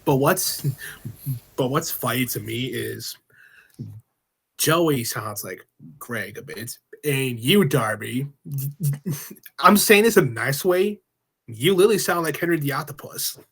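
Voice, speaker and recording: Giggly young guy on a podcast, kinda husky, bouncy up-and-down voice. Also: medium pitch, lively intonation, takes it slowly, pauses often, a bit bright. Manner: giggly, repeats himself when joking. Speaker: podcast guest. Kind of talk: casual chat.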